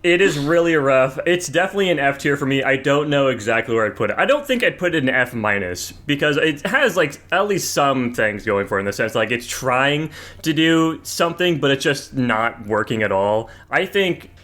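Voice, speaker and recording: A man's voice: medium pitch, animated, normal speed, fairly bright tone. Male podcast host, mid-range voice, rambling, hesitant, casual swearing. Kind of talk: casual movie review chat.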